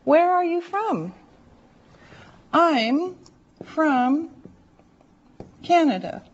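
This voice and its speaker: A woman teaching an English lesson, drilling words and phrases slowly and deliberately, repeating each one. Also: high-pitched, very animated, muffled recording. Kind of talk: classroom language lesson.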